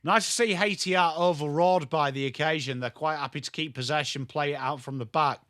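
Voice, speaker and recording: Bright-voiced English man calling football live. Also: fairly high pitch, fairly quick, no echo, clean studio sound. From England. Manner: chatty and jokey, greets viewers by name. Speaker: watchalong streamer. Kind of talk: live football watchalong commentary.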